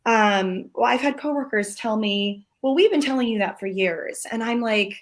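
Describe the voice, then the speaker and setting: Woman in her 40s, guest on a live chat, kinda high voice, modest and hesitant, short answers. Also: moderate pace. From California.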